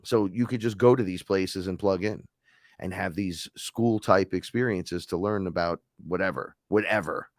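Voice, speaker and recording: A man's voice: low voice, moderate pace, no room sound, studio quality. A man hosting a casual spiritual talk, telling stories in a rambling, profane way. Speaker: host.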